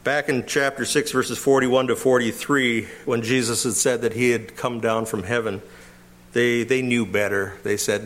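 A man's voice: medium pitch, fairly even intonation, moderate pace, a bit bright. A man preaching an expository sermon, emphatic and full of rhetorical questions. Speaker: pastor.

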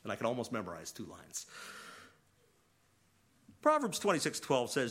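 A man preaching a sermon as pastor, swinging between loud emphasis and quiet asides. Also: medium pitch, wildly swooping pitch, normal speed, long pauses.

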